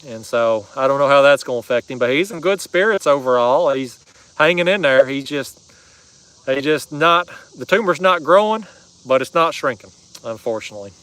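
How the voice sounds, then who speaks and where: A man's voice: mid-range voice, expressive, moderate pace, fairly bright tone, smooth, poor audio. A man hosting a fishing livestream from a kayak, chatting casually and reading out viewer comments in a folksy drawl. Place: kayak on a river outdoors.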